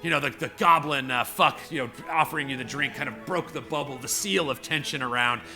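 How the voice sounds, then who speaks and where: Bright-voiced male game master. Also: medium pitch, fairly quick. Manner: rambling, filler-heavy storytelling. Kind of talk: narrating a tabletop game.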